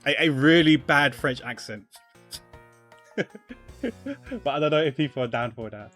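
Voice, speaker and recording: A man giving casual, rambling commentary while playing a game, full of fillers and restarts that trail off quietly. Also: on the high side, measured pace, faint music behind. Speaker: gamer.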